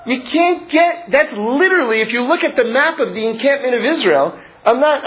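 A man teaching Torah in a loose, conversational way, with rambling asides and stretches where he drops low and mutters. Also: muffled recording. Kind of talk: informal Torah lesson.

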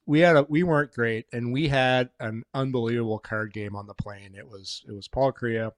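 Retired male hockey player, mid pitch, dry close sound, relaxed, halting storyteller. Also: no echo. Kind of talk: casual chat.

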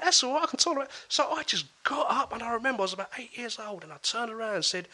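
A man, a guest telling a personal story in an animated way, often restarting his sentences. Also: very high-pitched, rapid-fire, few pauses. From England.

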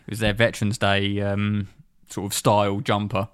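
Lower-voiced rambling English co-host. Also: male voice, completely flat delivery, moderate pace, clear, resonant tone, no room sound, studio quality. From England. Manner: rambling storyteller, many fillers, laughs at himself. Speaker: podcast co-host. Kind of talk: casual chat.

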